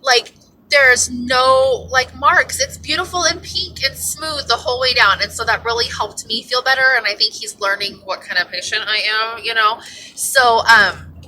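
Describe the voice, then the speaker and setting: A woman vlogging from inside her car in a candid, excitable, rambling way. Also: a little high, normal speed, low-quality recording. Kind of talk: casual chatty update. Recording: car noise behind voice.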